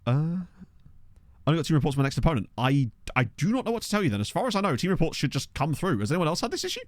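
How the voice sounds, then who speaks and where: A man talks through his football management game on stream, reacting aloud to each surprise and chatting to his viewers. His pitch swings widely and animatedly. The sound is dry and close, with no room echo. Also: racing. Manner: excitable, chatty, reacts aloud and addresses chat. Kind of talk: casual gameplay commentary. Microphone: desk microphone.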